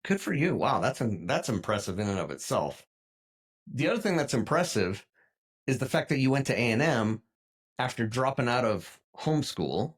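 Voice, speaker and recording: A man's voice: medium pitch, very animated, moderate pace, husky. A man hosting a podcast, asking questions and reacting with enthusiasm. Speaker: podcast host. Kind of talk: casual interview.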